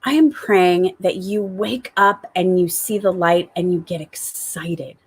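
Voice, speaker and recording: A woman talking to her viewers in an upbeat, enthusiastic gratitude vlog, returning again and again to the same warm phrases. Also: on the low side, unhurried, breathy edge. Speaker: spiritual coach.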